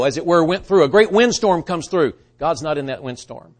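A man preaching a sermon, swinging from hushed, quiet lines to loud, rising bursts, with halting restarts. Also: a little high, animated.

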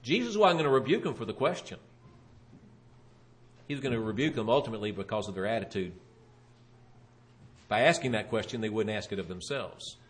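A man preaching a sermon, retelling a Bible story with animated storytelling and voicing the questioners. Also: on the low side, brisk, long pauses.

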